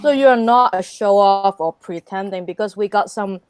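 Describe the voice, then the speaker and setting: Woman, blunt, teasing, mid pitch, dry close sound. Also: normal speed, smooth, no echo. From Hong Kong. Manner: blunt, teasing, laughs often. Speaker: panelist. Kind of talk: casual chat.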